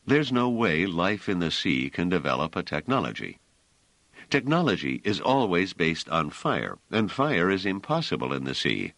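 An irritable, brooding man aboard a ship in a storybook, curt and argumentative, voiced by a male narrator in a deep, lively voice. The sound is dry and close. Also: normal speed, no room sound, heavily acted. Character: irritable, brooding man, ship's captain type. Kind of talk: audiobook character voice.

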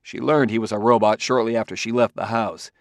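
A man playing a suspicious male police detective who talks in a forceful, intense, accusing way. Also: mid-range voice, normal speed, no room sound, close to an everyday voice. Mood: heated.

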